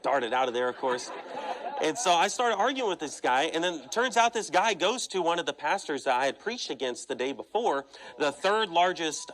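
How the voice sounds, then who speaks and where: A preacher man tells a story from the pulpit in an emphatic, chatty way. His voice sits a little high for a man. He keeps breaking in with "okay" and "you know.". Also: a bit bright, poor audio. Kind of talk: sermon storytelling.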